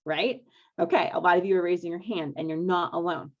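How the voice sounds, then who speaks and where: A woman's voice: fairly low pitch, brisk. A woman coaching couples in a live online masterclass, upbeat and coaxing, often checking in with her listeners. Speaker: marriage coach hosting a live webinar. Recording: dull lo-fi webinar audio.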